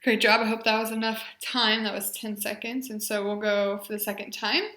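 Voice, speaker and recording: A woman's voice: medium pitch, little pitch movement, sharp tone. A woman leading a guided voice exercise class, giving encouraging step-by-step instructions and modelling sounds for her group to copy. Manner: encouraging, slow and clearly paced instructions. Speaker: speech therapy exercise leader. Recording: echoey room.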